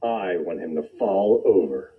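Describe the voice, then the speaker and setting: A man's voice: sits low, animated, measured pace. A man voicing a bold, mischievous young boy out trick-or-treating, in a raised childish voice. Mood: determined. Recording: dull lo-fi recording.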